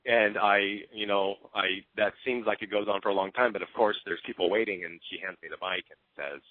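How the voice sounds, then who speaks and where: A man's voice: on the low side, steady tone, moderate pace, few pauses, no echo. A man giving an earnest, openly emotional motivational talk as a team coach. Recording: tinny phone-line sound.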